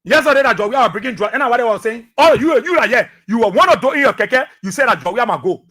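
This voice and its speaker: A Liberian man with a strikingly high, bright, forceful voice delivers fiery radio talk-show commentary. He preaches at his listeners, repeating short phrases again and again to drive each point home. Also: animated, quick pace. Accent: Liberian English.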